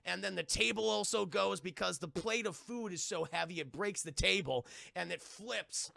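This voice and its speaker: An animated male streamer runs through a cartoon scene by scene and talks to his chat. His voice sits high, with a heavy gravelly rasp. The room is dry and close. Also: moderate pace, no room sound. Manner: animated, profane, addresses chat. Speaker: streamer, show reviewer. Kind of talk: casual live-stream commentary.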